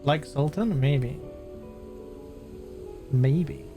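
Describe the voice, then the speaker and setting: A man's voice: medium pitch, drawn-out words, gravelly. A British man streaming a game, chatting casually and animatedly with his chat as he plays. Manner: chatty, animated, answers chat, laughs often. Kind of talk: casual gameplay commentary. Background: game music.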